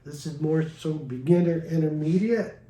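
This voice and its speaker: A man giving a casual guitar lesson, explaining in a slow, halting way with many restarts. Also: on the high side, echoey room, rough recording. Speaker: guitar teacher. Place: recording studio. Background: guitar playing.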